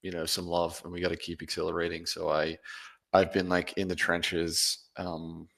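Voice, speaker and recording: A man's voice: deep voice, monotone, moderate pace, gravelly, fairly bright tone. A man and open-source framework contributor talking earnestly on a group call, rambling with many fillers.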